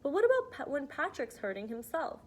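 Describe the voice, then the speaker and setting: A woman reading aloud as an earnest, frank teenage girl who talks softly but insistently. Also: high voice, sing-song, brisk, slight background noise, voice pushed up. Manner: earnest, pleading, soft-spoken. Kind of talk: audiobook reading.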